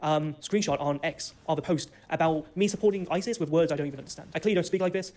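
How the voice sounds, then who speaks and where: Male storyteller, quick, slightly high, cocky and ranty. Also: a little mellow. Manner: rapid, boastful, ranting delivery. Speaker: storyteller in a played video. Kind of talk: fast first-person storytelling.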